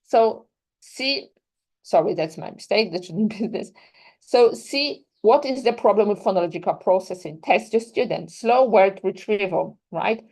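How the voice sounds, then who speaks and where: A woman's voice: mid-range voice, unhurried, darkish tone, rough recording. A young adult woman presenting a lecture to teachers, explaining step by step with examples and often checking in with "right?". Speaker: teacher trainer.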